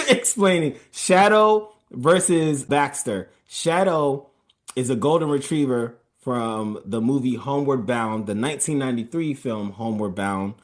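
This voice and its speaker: Easygoing man hosting a podcast. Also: on the high side. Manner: easygoing, chuckling while introducing. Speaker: podcast host moderating a bracket. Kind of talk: casual chat.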